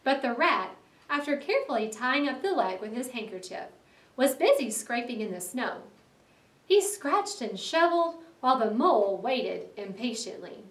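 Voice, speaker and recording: Woman teacher reading a story to kids, fairly high voice, lots of lilt. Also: moderate pace, reverberant, far from the mic. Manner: expressive, explains words to children. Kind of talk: read-aloud lesson narration.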